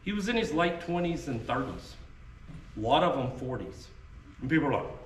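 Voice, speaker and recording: A man's voice: medium pitch, sing-song, normal speed. Folksy Southern man, echoey and far off. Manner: folksy, keeps tagging "okay?". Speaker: musket maker and reenactor. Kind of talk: casual talk to a reenactor group. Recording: echoey sound from a distant mic with faint noise.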